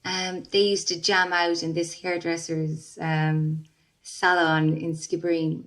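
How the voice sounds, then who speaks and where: Woman, lowish voice, reflective, lots of fillers and restarts, podcast guest. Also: little pitch movement, slow pace, fairly bright tone. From Ireland. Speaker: singer-songwriter guest. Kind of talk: casual interview chat.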